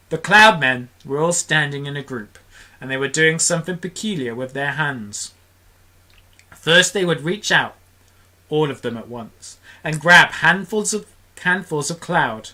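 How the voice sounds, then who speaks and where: Bright expressive storybook reader. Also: medium pitch, a little slow. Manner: expressive, does character voices. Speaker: storybook reader for a charity stream. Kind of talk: reading a children's book aloud on a livestream.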